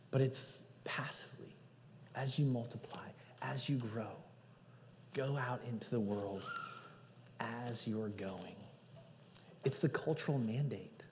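A man preaching a sermon as pastor, earnest, moving between loud emphasis and hushed passages. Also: medium pitch, slight background noise. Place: church sanctuary. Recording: hall reverb.

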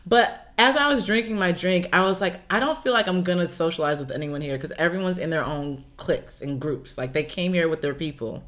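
A woman casually telling a story, animated and laughing often as she acts out what people said. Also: fairly low pitch, fairly quick, few pauses. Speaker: storyteller recounting a solo trip. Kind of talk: casual chat.

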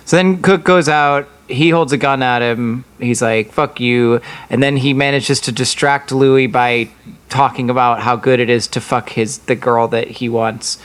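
A man's voice: medium pitch, steady tone, measured pace, a bit bright. A man co-hosting a podcast, casually recapping a TV episode with a rambling, laughing delivery. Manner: rambling, laughs often, swears. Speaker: podcast co-host.

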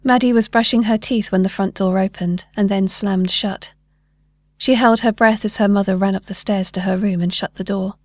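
A woman narrating a fantasy short story in a measured, gentle reading voice. Her voice sits mid-range and sounds close and dry. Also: medium pitch, fairly even intonation, no room sound.

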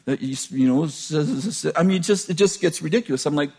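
A man preaching an informal sermon in a conversational way, joking and chuckling often, swinging between loud bursts and low asides. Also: fast, vocal fry, slightly rough.

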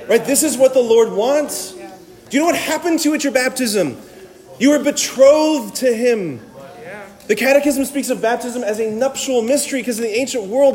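High-voiced man preaching in a reverberant hall. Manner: energetic, joking, conversational, full of "right?". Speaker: Catholic speaker. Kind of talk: humorous talk to a live audience.

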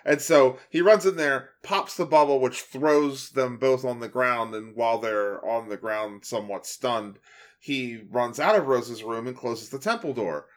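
Guy chatting about a cartoon episode, laughs a lot, acts out lines, normal pitch. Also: unhurried. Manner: animated, laughing, acts out quotes. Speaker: podcast co-host. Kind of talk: casual recap chat.

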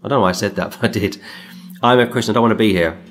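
A middle-aged man preaching a sermon, reading scripture and telling stories in an emphatic way. His voice climbs high when he reads the verses. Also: racing.

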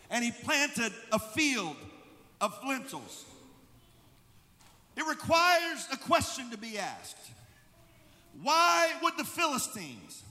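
High bright-voiced male pastor preaching, church hall reverb. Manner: preaching, building to shouted emphasis. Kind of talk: sermon. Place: church sanctuary.

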